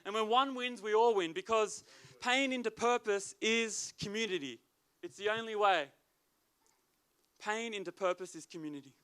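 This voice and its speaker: A man gives a sermon as youth leader in a high, bright voice. He preaches emphatically, driving his points home by repeating them, and his tone stays smooth and clear. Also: normal speed.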